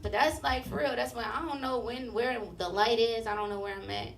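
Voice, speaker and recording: A young woman performing a stand-up set, telling a story with animated, profane delivery and acted-out voices. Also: fairly high pitch, fairly quick, creaky, reverberant, distant mic, a little hiss or hum. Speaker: stand-up comedian. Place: comedy club stage with live audience.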